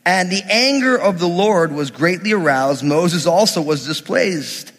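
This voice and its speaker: A man preaching a sermon, reading scripture and explaining it with animated, acted-out quotes from the people in the story. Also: high voice, unhurried, big-room sound.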